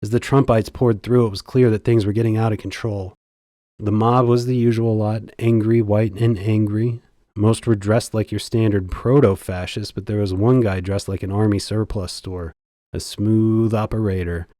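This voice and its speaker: A man giving a scripted comic narration in the first person, deadpan and sardonically boastful. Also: on the low side, moderate pace, no echo, clean studio sound.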